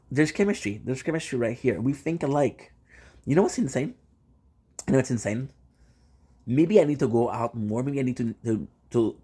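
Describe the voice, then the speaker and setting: A man's voice: mid-range voice, mellow. A man streaming live and chatting casually with his viewers, playful and teasing, often repeating the same phrase several times in a row. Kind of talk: casual chat.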